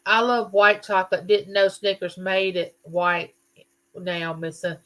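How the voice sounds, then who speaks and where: A woman's voice: mid-range voice, flat delivery, unhurried, a bit bright. A middle-aged woman, hosting a livestream in a chatty, folksy way and reading viewer comments aloud. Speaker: livestream host. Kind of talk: casual live chat reading viewer comments.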